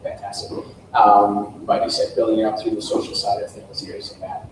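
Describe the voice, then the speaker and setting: A man's voice: fairly low pitch, monotone, brisk, distant mic, background noise. Enthusiastic American man in an echoey room. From United States. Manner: enthusiastic, effusive praise, frequent fillers. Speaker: workshop speaker. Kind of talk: informal workshop talk. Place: workshop room.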